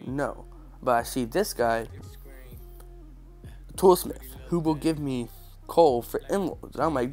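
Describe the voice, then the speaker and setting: A gaming channel host with a stuffy, congested nose gives casual commentary full of jokes and sarcasm. His mid-range voice has a darkish tone and a measured pace with long pauses, and soft music plays in the background.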